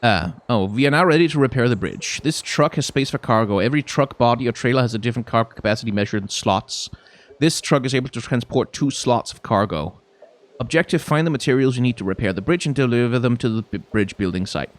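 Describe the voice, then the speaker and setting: A man's voice: mid-range voice, animated, fast talker. A man with a light Danish accent giving casual gameplay commentary, thinking aloud and reading tutorial text as he goes. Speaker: YouTuber playing a driving game.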